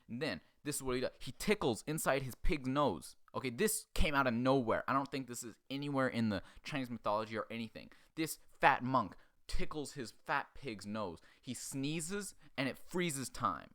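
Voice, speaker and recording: A man hosting a comedy show, recapping an animated film in a crude, sarcastic way and acting out the characters in quick asides. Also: medium pitch. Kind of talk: profane comedic movie recap.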